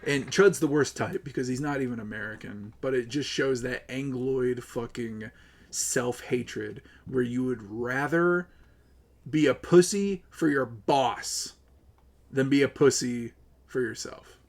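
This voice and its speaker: A man streaming live, ranting with lots of swearing, upset and close to tears, swinging between loud outbursts and low mutters. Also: unhurried. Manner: profane, agitated, swings between yelling and muttering. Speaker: livestreamer.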